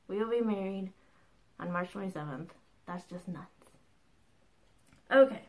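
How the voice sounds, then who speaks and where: This mid-range female voice belongs to a woman in her thirties who hosts her own crafting podcast from home. She chats casually and bubbly at an unhurried pace, pausing often and laughing between asides. The recording is low quality.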